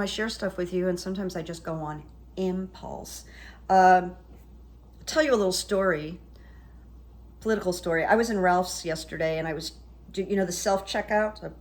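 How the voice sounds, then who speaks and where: Middle-aged woman, psychic vlogger, chatty, rambling, lots of fillers. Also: fairly low pitch. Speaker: psychic YouTuber. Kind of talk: casual vlog chat.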